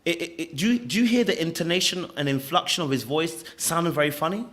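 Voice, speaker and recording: Emphatic man with a bright voice. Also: on the high side, fast talker. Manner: emphatic, repetitive, stammering restarts. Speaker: podcast host reacting to clips. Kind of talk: opinionated commentary.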